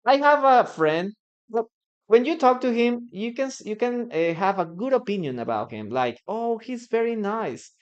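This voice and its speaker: A man with a Peruvian Spanish accent, teaching English live online and repeating phrases slowly for learners. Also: sits high, very animated, lo-fi sound. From Peru. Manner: greets viewers by name and reads chat aloud.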